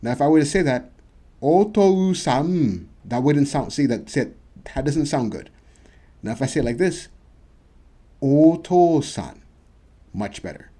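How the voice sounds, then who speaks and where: A man hosting a casual video lesson, slowly drawing out words as he demonstrates them. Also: medium pitch, expressive, mellow, slightly rough. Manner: slow, drawn-out demonstration of words. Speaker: language teacher and channel host. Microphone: camera mic.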